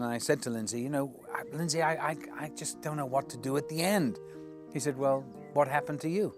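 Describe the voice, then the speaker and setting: A man telling anecdotes in an interview, acting out the quoted dialogue with shifting voices. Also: mid-range voice. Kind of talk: anecdotal storytelling.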